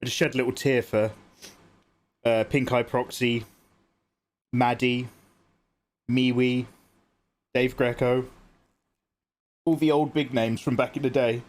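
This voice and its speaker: A man streaming live, chatting casually with viewers while often clearing his throat. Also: mid-range voice, flat delivery, slow, long pauses. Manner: chatty, greets viewers, jokey. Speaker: livestreaming artist.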